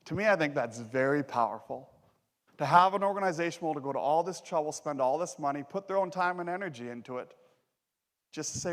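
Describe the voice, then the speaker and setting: A Canadian man giving a folksy, joking motivational safety talk with a lively delivery. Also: on the high side, fast. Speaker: safety speaker. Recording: echoey hall.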